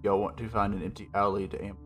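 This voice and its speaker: A man, playing a tabletop game in a relaxed drawl. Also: on the low side, fast. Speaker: player. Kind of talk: casual tabletop play. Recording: faint music behind.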